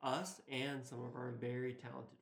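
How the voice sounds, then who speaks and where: A man's voice: mid-range voice, little pitch movement, a little fast, creaky, a crowd in the background. Male co-host, mid-range voice, dry one-liners, echoey room. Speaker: podcast co-host. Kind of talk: casual podcast chat. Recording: roomy echo.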